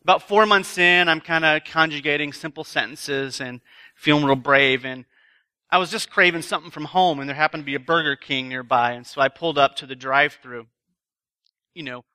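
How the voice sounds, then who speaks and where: A man's voice: fairly high pitch, a little fast, sharp tone. A man speaking at a retreat, telling self-deprecating stories in a chatty sermon to a live audience. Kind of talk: sermon with a humorous personal story. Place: live talk before an audience.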